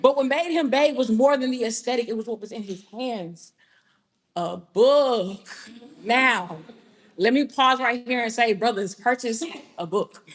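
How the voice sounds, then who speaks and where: A young woman with a Southern accent performs spoken-word poetry with a storyteller's comic timing. Her voice sits a touch high, and she breaks off to talk straight to the audience. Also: a little slow, slight background noise. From Georgia, US. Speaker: performance poet.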